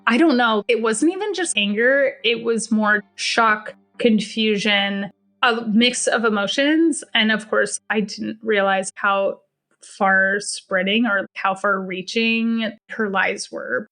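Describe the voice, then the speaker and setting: A woman's voice: mid-range voice, takes it slowly, sharp tone. A woman telling her own story on a podcast, blunt and profane, acting out the dialogue with emphasis. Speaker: podcast guest sharing a personal story. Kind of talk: first-person storytelling.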